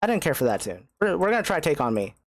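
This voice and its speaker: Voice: mid-range voice, big pitch swings, fast talker, dry recording. A young adult game streamer in casual let's-play chat, self-mocking, often stammering and swearing. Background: faint game music.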